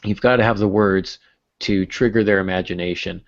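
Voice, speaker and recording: Male podcast co-host, very low gravelly voice, rambling and joking, slightly lo-fi sound. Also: steady tone, normal speed. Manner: rambling, joking, many fillers. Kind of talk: casual writing podcast chat.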